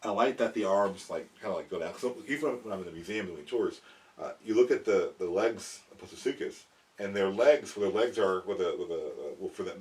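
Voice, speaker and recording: A young man hosting a casual explainer vlog about prehistoric animal figures, rambling and animated, often cutting himself off and chuckling at his own asides. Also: deep voice, a little fast, recorded from a distance.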